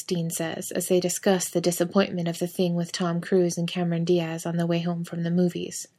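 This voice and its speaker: A woman reads a story aloud with a slightly low voice. Her narration is soft and even, and she speaks the quoted lines gently rather than fully acting them. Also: brisk, few pauses. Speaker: fan fiction reader. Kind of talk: audiobook-style story reading.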